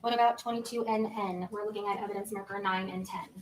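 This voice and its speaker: A woman's voice: mid-range voice, fairly even intonation, fast talker, low-quality recording. A woman prosecutor questioning a witness in a courtroom, formal and methodical as she goes through the exhibits. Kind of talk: courtroom examination.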